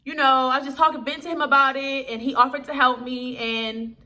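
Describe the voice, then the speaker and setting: A woman's voice: sits high, flat delivery, brisk, bright, forceful tone. A young woman reviewing a TV episode in casual chat to camera, talking straight to her viewers in a slangy, chatty way.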